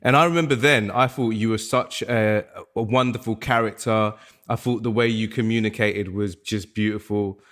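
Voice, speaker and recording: Guy on a podcast with a lowish voice, gushing and warm. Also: steady tone, normal speed. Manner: warm, effusive praise. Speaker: podcast guest. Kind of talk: candid podcast conversation.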